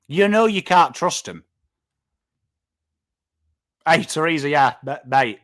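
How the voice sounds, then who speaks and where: Hosting a live footy watchalong, a thirtysomething Englishman with a northern accent chats loosely with his viewers. His voice sits a little high and fairly bright, slow in pace with lively intonation. Expect rambling, chatty talk, casual swearing, and names read from the chat.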